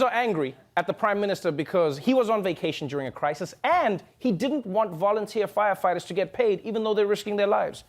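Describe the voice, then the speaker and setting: High-voiced man doing jokey commentary. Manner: jokey, animated, slips into comic impressions. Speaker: late-night comedy host. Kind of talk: scripted comedic commentary.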